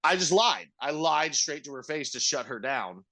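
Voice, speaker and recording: A man's voice: a little high, animated, normal speed, bright, forceful tone. A middle-aged man on a casual podcast, telling a work story as a profane, ranting storyteller. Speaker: podcast co-host, restaurant manager.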